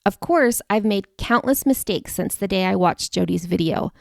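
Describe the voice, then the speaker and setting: Woman, 40s, podcast host, confiding storyteller, fry in the voice, dry close mic. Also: mid-range voice, animated, moderate pace, no echo. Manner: earnest, confiding, addresses listener directly. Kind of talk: personal storytelling monologue.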